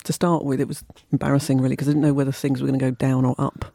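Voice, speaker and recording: Woman, radio host, quick, gravelly, mellow tone, dry studio sound. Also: rumbling low, no echo. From South London. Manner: chatty, teasing, animated. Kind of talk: casual radio chat.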